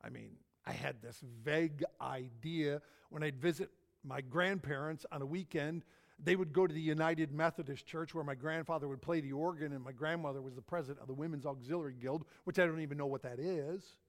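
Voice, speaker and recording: A man's voice: a little high, a little fast. A middle-aged man preaching a sermon, telling a personal story in a folksy, anecdotal way and repeating his phrases. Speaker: pastor.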